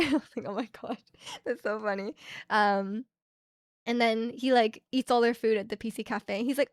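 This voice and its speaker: A woman's voice: on the high side, moderate pace, no room sound, clean studio sound. A young woman streaming, chatting casually with her viewers and retelling ads in a rambling way with many fillers.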